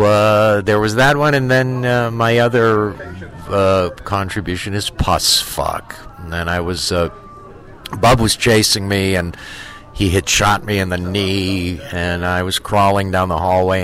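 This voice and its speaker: A man, an actor, telling a story from a film set in a casual interview, halting with fillers and restarts, swearing freely and acting out the people he quotes. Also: sits low. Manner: lively storyteller who acts out quoted voices.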